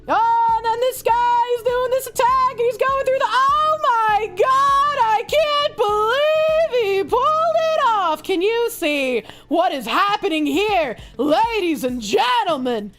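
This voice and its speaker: A woman imitating a hyped, breathless sports announcer with loud, excited, rising inflection. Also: extremely high pitch, slow, few pauses, soft background music, voice pushed up, exaggerated voice.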